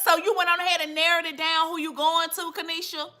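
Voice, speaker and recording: A woman's voice: very high-pitched, level tone, quick pace, heavy background noise. A young adult woman, hosting a casual livestream and chatting animatedly with viewers, calling them girl and baby. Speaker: livestream host.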